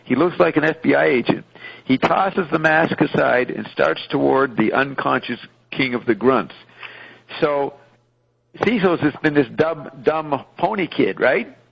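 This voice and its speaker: A man's voice: fairly high pitch, a little slow, creaky, breathy edge. A man hosting a radio show, reading out a film script and commenting on it casually with some profanity. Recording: muffled radio broadcast.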